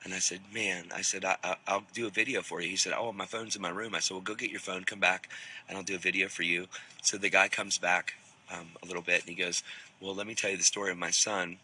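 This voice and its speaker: A man with a low, deep voice and a tense, sharp edge to it, telling a testimony in a loose, casual way. He rambles and restarts his sentences, and often drops in "man". His voice sounds a little husky. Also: little pitch movement, quick pace, low-quality recording. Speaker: Bible teacher.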